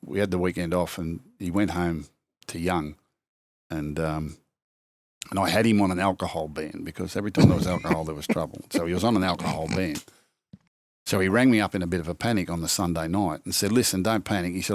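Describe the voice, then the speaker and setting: A man's voice: low-pitched, fairly even intonation, fairly quick, no room sound. An older man with an Australian accent, a former rugby league coach telling stories in casual chat, acting out quotes with many restarts. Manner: yarn-spinning, acts out quotes, frequent restarts.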